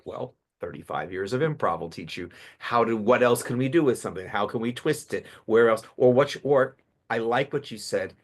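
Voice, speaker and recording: A man in his fifties, a public speaking coach interviewed as a guest, telling stories with animated delivery. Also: lowish voice, a little fast, few pauses. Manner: animated storyteller, acts out voices. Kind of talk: casual podcast interview.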